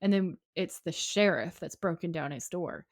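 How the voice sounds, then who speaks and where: Woman, podcast co-host, lively scene retelling, lowish pitch, dry close sound. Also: moderate pace, no echo. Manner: animated retelling, acts out quotes. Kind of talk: casual chat recapping a TV episode.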